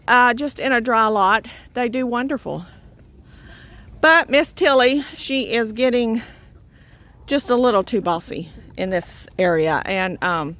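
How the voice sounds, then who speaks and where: A woman's voice: a little high, fairly bright tone. An older woman, out of breath, chatting casually to the camera from a goat pen while coaxing her goats. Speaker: goat farmer. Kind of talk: casual farm vlog. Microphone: handheld camera on a stand.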